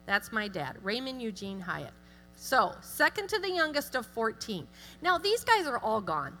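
Chatty woman with bright tone in echoing hall. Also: a little high, measured pace. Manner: self-deprecating, chatty, animated asides. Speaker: guest speaker. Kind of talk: church talk with humor. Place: church sanctuary. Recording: long hall reverb with music.

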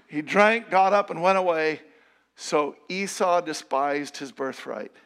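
High gravelly middle-aged male preacher. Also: a little slow, fairly bright tone. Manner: conversational and emphatic, with rhetorical questions. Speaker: pastor. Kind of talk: sermon.

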